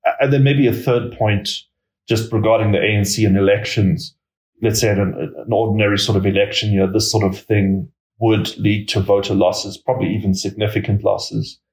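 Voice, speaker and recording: Low-voiced man, hedging analyst in a roomy space. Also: level tone, a little mellow. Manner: measured, hedging with many fillers. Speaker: political risk analyst guest. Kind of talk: conversational expert commentary.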